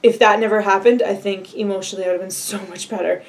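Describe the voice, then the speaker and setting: Young woman, casual vlogger, rambling, slightly gravelly tone. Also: mid-range voice, fairly even intonation, fast. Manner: rambling and chatty, laughing now and then. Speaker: adoption vlogger. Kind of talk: casual solo vlog update.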